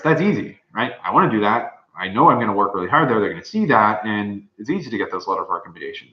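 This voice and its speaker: Low-voiced young man giving casual advice. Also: sing-song, fast, hardly any pauses. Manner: rambling, informal, many fillers. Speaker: medical student giving advice. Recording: dull, roomy low-fi recording.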